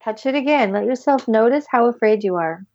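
A woman guiding a tapping session with calm step-by-step instructions, sighing deeply between phrases. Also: a little fast, no echo, dull audio. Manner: calm step-by-step instructions, leading group repetition. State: deep audible sighs and yawns between phrases. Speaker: tapping practitioner. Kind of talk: guided tapping session with breathing.

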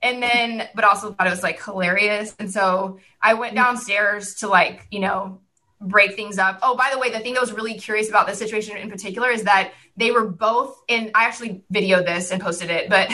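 A woman's voice: medium pitch, steady tone, fairly quick, pushed and bright, low-quality recording. A woman in her thirties, a guest on a podcast, chatting candidly, laughing often and swearing freely. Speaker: guest author. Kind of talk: casual interview chat.

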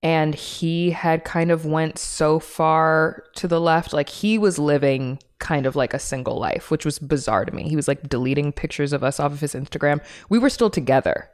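A woman's voice: low voice, normal speed, few pauses. A woman in her thirties, a podcast guest, talking candidly in a blunt, swearing, laughing casual chat.

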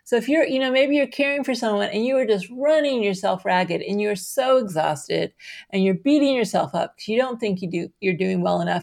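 Earnest middle-aged woman explaining research. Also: fairly high pitch. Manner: earnest, explanatory, animated with laughs. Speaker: guest, self-compassion researcher. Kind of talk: conversational interview.

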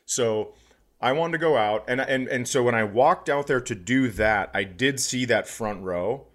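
A comedian co-hosting a podcast, telling a story in casual chat with many restarts and sudden bursts of excitement. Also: male voice, medium pitch, a little slow.

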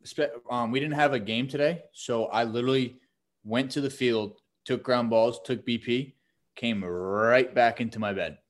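A young man co-hosting a podcast, telling stories in casual, lively banter. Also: mid-range voice, moderate pace, faint music behind. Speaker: podcast co-host, pro baseball player. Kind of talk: casual chat.

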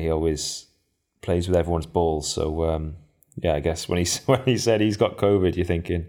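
A man's voice: low-pitched, moderate pace, darkish tone. A man co-hosting a podcast, trading jokey, teasing banter. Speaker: podcast co-host. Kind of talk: casual chat.

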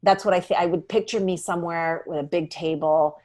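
A woman's voice: lowish voice, fairly quick. Chatty, rambling middle-aged woman. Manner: chatty, rambling, animated storyteller. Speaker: cookbook author and guest. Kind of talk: casual interview chat. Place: at home on a farm.

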